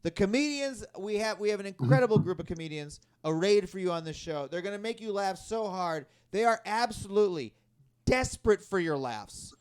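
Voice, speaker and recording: Animated high-pitched male stand-up comic. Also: fairly quick, clean tone. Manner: animated, rambling, self-deprecating, laughing at own jokes. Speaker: stand-up comedian and show host. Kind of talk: live stand-up comedy set. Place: live comedy venue with audience.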